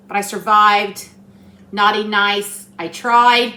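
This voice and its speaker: A woman's voice: mid-range voice, slow pace, sharp tone, echoey room. Chatty woman in her kitchen. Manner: rambling, storytelling, talkative. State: tired. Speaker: cooking channel host. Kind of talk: chatty home cooking vlog. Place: home kitchen.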